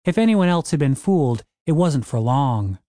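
Lively male audiobook narrator. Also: a little high, moderate pace, no room sound, clean studio sound. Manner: lively, wry storytelling with many voices. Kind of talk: comic fantasy audiobook narration.

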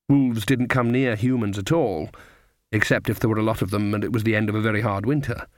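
A man narrating an audiobook in a measured, deliberate storytelling manner. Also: medium pitch, no room sound, studio quality.

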